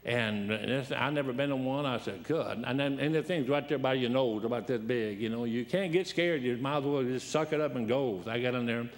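A guest preacher in his seventies tells rambling, humorous personal stories during a sermon in a church sanctuary. His folksy voice is medium-pitched and fairly quick with few pauses. The church hall is reverberant.

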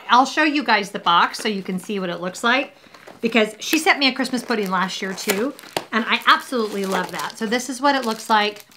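A woman's voice: on the high side, bright, forceful tone, a little hiss or hum. A woman hosting a casual unboxing video, talking in a cheerful, rambling way and joking about herself. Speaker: vlogger host.

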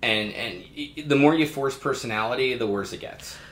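A man co-hosting a casual podcast chat, animated and profane, breaking into loud mocking impressions. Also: medium pitch, moderate pace, echoey room. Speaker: podcast co-host.

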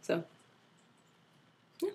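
A young woman co-hosting a casual vlog, bubbly and teasing, with quick interjections. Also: warm tone. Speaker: vlog co-host. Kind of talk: casual chat.

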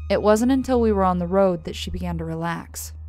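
A woman narrating a first-person horror story in a measured, scripted delivery, letting her voice fall softly on the tags. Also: on the low side. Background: soft music.

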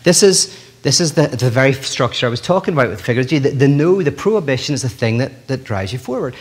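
A middle-aged man giving a public lecture in a lively, joking way, often restarting his sentences. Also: medium pitch, quick pace. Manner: animated, joking, many restarts.

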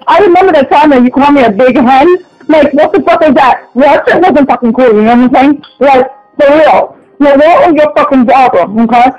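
Casting: woman playing a hurt, ranting figure, high whiny voice, dull lo-fi sound. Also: close to an everyday voice. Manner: whiny, rambling, profane rant. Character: hurt, angry woman who feels unwanted.

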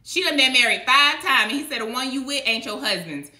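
Woman, colloquial devotional preacher; sharp, bright tone; recorded in a roomy space. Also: sits high, lively intonation, a little fast. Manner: emphatic, colloquial, rhetorical. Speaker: online preacher. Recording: echoey room.

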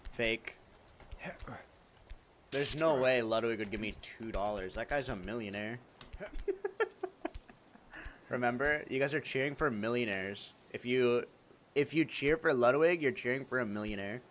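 A man streaming a game live, chatting playfully with his viewers, swearing freely and breaking into sudden excited outbursts. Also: mid-range voice, measured pace, long pauses, slight background noise. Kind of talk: casual game livestream chat.

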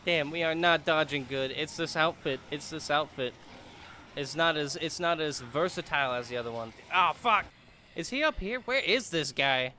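A man commentating a video game as he plays, excitable, laughing and swearing, talking back to the characters on screen. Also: fairly high pitch, moderate pace, slight background noise. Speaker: gaming YouTuber. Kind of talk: let's play commentary.

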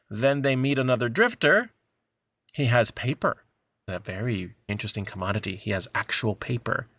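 A man's voice: mid-range voice, moderate pace, fairly bright tone, no room sound, clean studio sound. A man co-hosting a movie podcast, talking casually and sarcastically and acting out quotes in mocking voices. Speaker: podcast co-host. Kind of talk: casual movie review chat.

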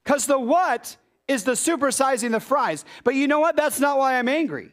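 High-voiced animated male preacher. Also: normal speed, few pauses. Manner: animated preaching with rhetorical questions to the congregation. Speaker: pastor. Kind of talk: sermon. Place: church sanctuary.

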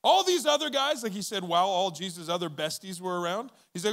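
High-voiced man preaching conversationally. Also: quick pace, few pauses. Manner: conversational and animated, acting out quoted voices. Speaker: pastor. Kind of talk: sermon. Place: church auditorium with audience.

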